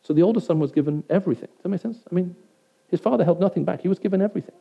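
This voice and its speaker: A man's voice: high voice, racing, creaky. A man preaching to a hall audience, talking conversationally and often asking them whether it makes sense. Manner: conversational, keeps checking in with the audience. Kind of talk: sermon to a live audience. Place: hall with an audience of about a hundred. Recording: dull lo-fi recording.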